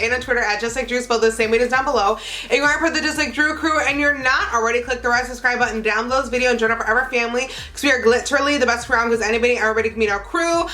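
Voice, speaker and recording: A young woman chatting excitedly as she unboxes beauty products for her channel, gushing and exclaiming with lots of fillers. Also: on the high side. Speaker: beauty vlogger.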